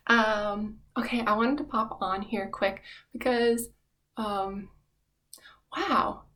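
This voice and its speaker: A young adult woman vlogging, talking in a rambling, candid way with many fillers. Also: fairly high pitch. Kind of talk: casual reflective monologue.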